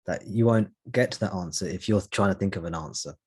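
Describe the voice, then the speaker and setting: A man leading a spiritual meeting, answering a question in a slow, reflective way with long pauses. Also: low-pitched, breathy edge. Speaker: satsang teacher.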